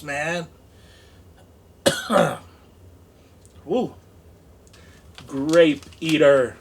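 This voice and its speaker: Slow, rambling goofy man vlogging. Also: medium pitch, fairly bright tone, slight background noise. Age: 40s. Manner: goofy, rambling, sings and mumbles to himself. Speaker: unboxing vlogger. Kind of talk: rambling stoned unboxing vlog.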